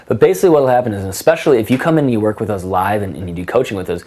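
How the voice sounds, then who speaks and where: A young man with a somewhat low voice, giving instruction as a coach. He talks in an emphatic, conversational way and sprinkles in casual fillers. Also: very fast, dark tone. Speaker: dating coach. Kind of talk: instructional talk.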